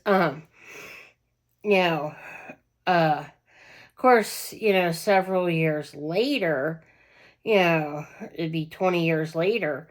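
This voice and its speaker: Rambling woman, low-pitched. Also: takes it slowly, long pauses. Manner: rambling and digressive, many fillers and self-corrections; chatty, with frequent small laughs. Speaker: vlogger. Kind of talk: casual personal storytelling.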